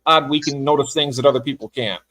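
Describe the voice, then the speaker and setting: A man who is a guest on a casual livestream, easygoing and rambling, quick to laugh at himself. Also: mid-range voice, fairly bright tone, rough recording. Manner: easygoing, rambling, self-deprecating.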